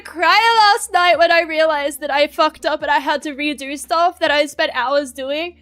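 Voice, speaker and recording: A woman's voice: high voice, moderate pace, few pauses, fairly bright tone, soft background music. A woman chatting casually on a livestream, rambling, swearing freely and laughing often. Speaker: VTuber streamer.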